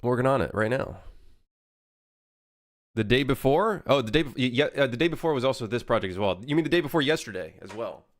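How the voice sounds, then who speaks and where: A man's voice: mid-range voice, animated, brisk, dry recording, clean studio sound. A young man chatting casually on a game development live stream, rambling and correcting himself as he reads chat.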